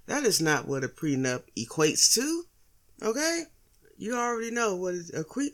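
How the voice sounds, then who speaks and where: Profane, rambling man with higher pitch. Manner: rambling, heavy profanity, rhetorical questions. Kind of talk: profane monologue commentary.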